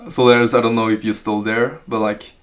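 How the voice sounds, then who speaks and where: A man's voice: fairly low pitch, level tone, moderate pace. Rambling Norwegian-accented male streamer. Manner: rambling, hesitant, with fillers and restarts. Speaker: live streamer. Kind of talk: casual live stream chat.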